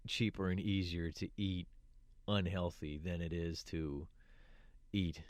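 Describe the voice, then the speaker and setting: A man's voice: low-pitched, slow, no room sound. A man co-hosting a radio talk show, chatting casually and agreeing often before making his own points. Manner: steady, agreeable, backchannels often.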